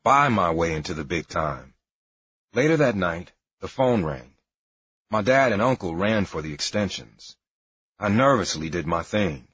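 A man's voice: sits low, sing-song, unhurried, fairly bright tone, breathy edge, no room sound. A man narrating a memoir in a wry, matter-of-fact storytelling manner. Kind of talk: memoir audiobook reading. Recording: dry, dull lo-fi recording.

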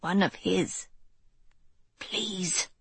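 A woman voicing a terrified, desperate deposed queen who pleads in a breathless, hushed voice. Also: medium pitch, slow pace, breathy edge, no echo. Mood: pleading whisper.

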